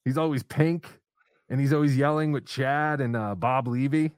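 A man's voice: steady tone, moderate pace, smooth, no room sound, clean studio sound. A man hosting a casual podcast chat, joking around and breaking into silly impression voices. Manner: jokey, swings into high silly impression voices. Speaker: podcast host.

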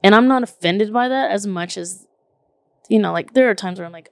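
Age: 30s. Sex: woman. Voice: gravelly, dry. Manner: animated, emphatic storytelling. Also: mid-range voice, a little fast, no echo. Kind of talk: casual chat.

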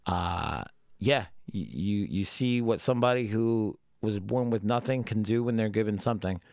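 A man's voice: on the low side, normal speed, creaky, a little mellow, no room sound, clean studio sound. A man hosting a podcast in loose, profane casual chat, full of fillers. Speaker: podcast host.

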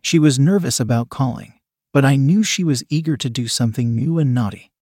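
A man telling a first-person story in a calm, even storytelling voice. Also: medium pitch, a little fast, husky, no room sound, studio quality. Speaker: narrator.

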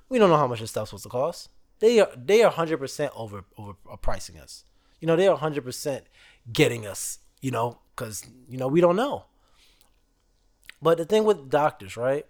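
A man in his thirties hosting a podcast, telling stories in a casual, joking, slangy way. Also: on the high side. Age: 30s. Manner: animated storytelling, slangy and joking. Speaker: podcast host. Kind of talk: casual chat.

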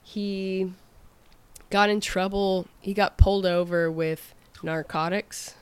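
A woman's voice: mid-range voice, steady tone, slow pace, smooth, no echo. A young woman chef, a podcast guest, telling frank, wry stories from her kitchen days in a casual interview. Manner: frank, wry storyteller who curses freely.

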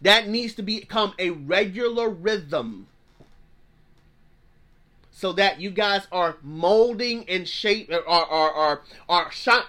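Male pastor, thirties, fervent preacher, bright tenor voice, repeats himself for emphasis. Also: high-pitched. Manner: fervent, repeats phrases, plain-spoken slang. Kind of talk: preaching sermon.

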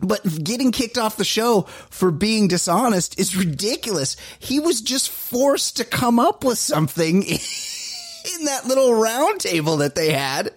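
A man co-hosting a casual podcast chat, talking in a relaxed way with plenty of fillers and a wry edge. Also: sits high, measured pace, breathy edge. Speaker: podcast co-host.

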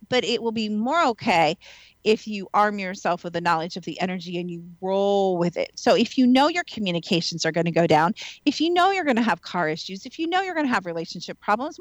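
A woman's voice: fairly high pitch, no echo, rough recording. A woman from the Midwest hosting a radio talk show, chatty and laughing often. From American Midwest. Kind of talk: casual radio chat.

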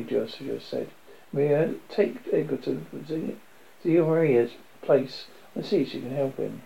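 A man's voice: moderate pace, gravelly, dark tone, low-quality recording. A man reading a novel extract aloud, with small slips and restarts and a lifted voice for the characters' lines. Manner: reads with slips and restarts, lifts pitch for quoted speech. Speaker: reader.

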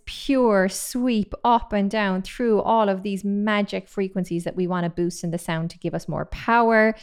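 Brief: woman, 30s, upbeat vocal coach, smooth resonant tone, mid pitch. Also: steady tone, measured pace, few pauses. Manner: enthusiastic, chatty, demonstrates sounds. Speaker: singing voice coach. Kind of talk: vocal technique lesson.

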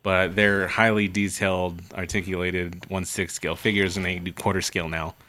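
A man's voice: low-pitched, flat delivery, moderate pace, bright, forceful tone. A young adult man, a podcast guest, talking earnestly and rambling with many fillers. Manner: earnest, rambling, full of "you know". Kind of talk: casual chat.

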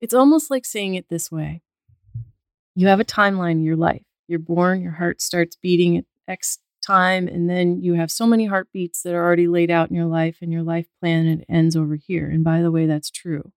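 Woman, calm spiritual explainer, slightly low voice, dry close sound. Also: moderate pace, clear, resonant tone, dry recording. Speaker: guest medical intuitive. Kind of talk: casual podcast conversation.

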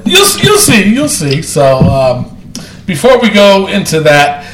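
Loud excitable male podcast host. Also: sits high, slow pace, reverberant. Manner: loud, excitable, laughs a lot. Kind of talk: casual wrestling podcast chat.

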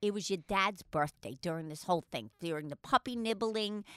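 An older woman co-hosting a podcast, telling a family story in casual chat, animated and swearing, acting out the voices of others. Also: medium pitch, fairly quick, clear, resonant tone, no echo, clean studio sound. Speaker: podcast co-host, mother.

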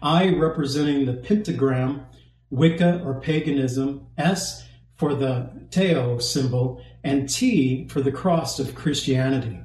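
A male pastor preaching a sermon, emphatic, with pauses and rhetorical questions. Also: mid-range voice, a little mellow, echoey room, rough recording.

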